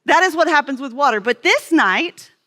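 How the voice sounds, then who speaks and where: A woman's voice: sits high, animated, moderate pace, sharp tone. A woman pastor, telling stories in a conversational sermon and talking with children. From Smoky Mountains, USA. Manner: storytelling, conversational, talks with children.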